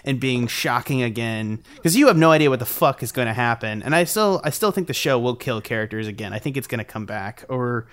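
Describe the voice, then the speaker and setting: A man co-hosting a podcast, talking in an animated, opinionated way in casual chat. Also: mid-range voice, fairly quick, few pauses, smooth. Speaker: podcast co-host.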